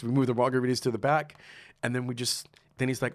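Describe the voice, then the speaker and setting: Middle-aged guy on a podcast, chatty storyteller, does little voices for people, laughs a lot, average pitch. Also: quick pace, no room sound. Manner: animated storyteller, acts out quotes, laughs often. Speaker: podcast guest, sommelier. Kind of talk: casual storytelling interview.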